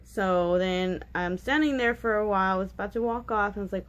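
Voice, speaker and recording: A woman in her twenties chats straight to her camera in a casual storytelling vlog, speaking quickly at a middling pitch with few pauses. Her rambling is full of "like," "um," and restarts, and she's candid and a little giggly about awkward details.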